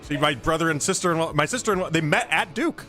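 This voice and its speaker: A man co-hosting sports radio, teasing his partner in quick banter. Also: on the high side, animated, sharp tone, faint music behind.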